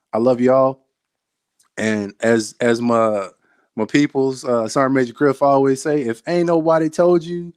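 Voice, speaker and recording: A man's voice: mid-range voice, no room sound. Man, motivational talk to camera, emphatic, repeats phrases, dry close sound. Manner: emphatic, repeats phrases, speaks directly to the viewer. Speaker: soldier giving motivational talks.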